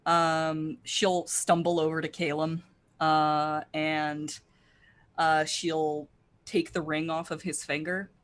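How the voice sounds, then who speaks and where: Brief: woman tabletop player, deep voice, casual and hesitant. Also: level tone, takes it slowly. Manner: hesitant, lots of fillers. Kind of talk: casual tabletop game play.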